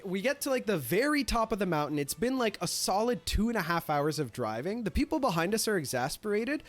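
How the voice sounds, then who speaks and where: A man casually telling a story, animated and profane, filling his talk with "like". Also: high voice. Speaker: streamer.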